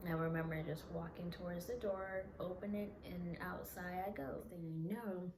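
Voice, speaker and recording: A woman vlogger telling a personal story in an earnest, halting, confessional way. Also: fairly low pitch, steady tone, a little mellow, echoey room, a little hiss or hum.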